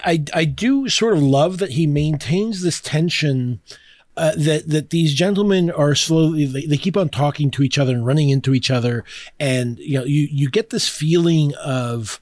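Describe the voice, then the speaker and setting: A man with a fairly high voice talks through a book in loose, casual podcast chat, breaking into laughs and trailing off into fillers. He sounds close to the mic in a dry, dead room. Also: expressive, measured pace, darkish tone, no room sound. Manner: chatty, laughing, many fillers and restarts. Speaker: podcast host. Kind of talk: casual podcast discussion and reading aloud.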